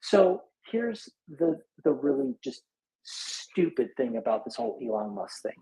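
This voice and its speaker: In a live audio chat room, a man worn out from a sleepless night does casual back-of-envelope math aloud, halting and restarting with plenty of fillers. His voice is mid-range and sing-song, and the room is echoey.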